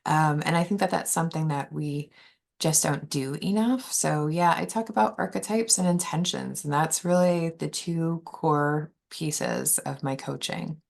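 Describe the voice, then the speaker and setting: A woman's voice: low-pitched, a little slow, gravelly, darkish tone. A woman life coach, a podcast guest, sharing her personal story in an earnest, open way. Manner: earnest and open, quoting her own inner voice.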